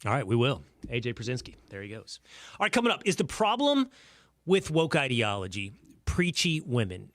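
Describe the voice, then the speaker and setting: Lively male podcast host. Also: medium pitch, normal speed, no room sound, studio quality. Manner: lively, laughing, hype-building host. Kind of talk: casual interview chat.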